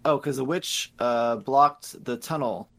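A man co-hosting a casual game review podcast, recapping the plot with lots of swearing and quick impressions of the characters. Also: mid-range voice, a bit bright. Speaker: podcast co-host.

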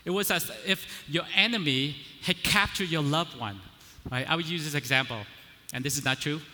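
A man's voice: fairly high pitch, moderate pace, pushed and bright. A man preaching a sermon in a conversational way, often checking in with the listeners and building up to emphatic declarations. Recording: long hall reverb.

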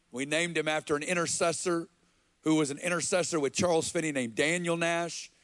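A man from Arkansas, preaching and telling a personal story in an earnest, halting way. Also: a little high, dry recording. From Arkansas, USA. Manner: earnest, slow and halting, with quoted dialogue. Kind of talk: sermon storytelling.

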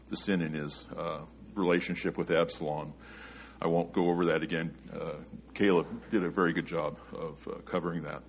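Deep-voiced man preaching a sermon. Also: slight background noise. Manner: earnest, rising in pitch and loudness when reading scripture.

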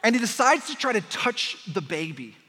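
A young man preaching a sermon with a high, bright voice and a husky edge. He moves between easy storytelling and impassioned preaching. The long reverb of a large hall trails every phrase. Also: big pitch swings, moderate pace. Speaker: pastor.

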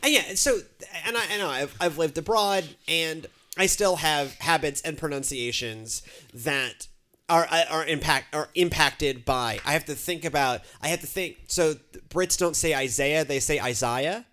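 A woman from Texas, a pastor co-hosting a podcast, talking in a chatty, animated way with many fillers and restarts. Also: sits low, normal speed. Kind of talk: casual chat.

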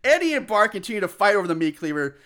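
An excitable man talks through a film's plot in loose podcast chat, swearing freely and now and then acting out a line. His voice sits high for a man and rings bright and forceful. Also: rapid-fire. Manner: excitable, profane, acts out lines with shouts. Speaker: podcast co-host recapping a movie. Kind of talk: casual chat.

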